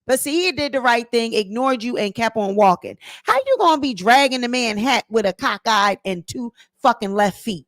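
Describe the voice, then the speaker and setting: A woman comments on a video clip in a casual, mocking way, blunt and amused. Her voice sits fairly high. The sound is dry and close. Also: expressive, moderate pace, few pauses, a bit bright, no room sound.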